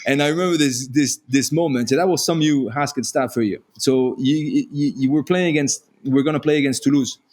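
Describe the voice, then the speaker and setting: A man with a French accent, a former rugby player and podcast guest, telling self-deprecating stories in animated casual chat. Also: medium pitch, brisk, few pauses. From France. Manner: self-deprecating, animated storyteller with frequent restarts.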